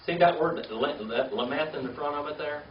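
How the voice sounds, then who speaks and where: An older man teaching a Hebrew class, spelling words letter by letter and coaxing students with frequent "okay?" checks. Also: fairly quick. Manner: patient, coaxing, checks in with "okay?" and "all right?". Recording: roomy, distant, dull low-fi with faint hiss.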